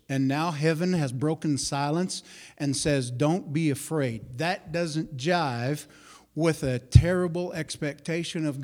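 A man preaching a sermon, swinging between loud emphatic rises and quiet, low passages. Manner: preaching with dramatic rises and soft drops. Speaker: pastor. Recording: long hall reverb.

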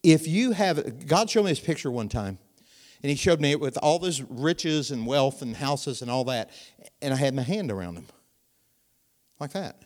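A middle-aged man preaching a sermon, animated and conversational, building in volume and asking the congregation questions. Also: medium pitch. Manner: animated preaching with rising volume and dramatic pauses; conversational, asks the audience questions.

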